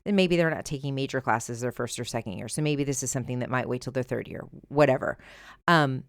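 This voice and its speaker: A middle-aged woman hosting a solo advice podcast, talking emphatically and conversationally, sometimes animated. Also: a bass voice, fast talker, no echo, studio quality. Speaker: podcast host. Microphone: earbuds with mic.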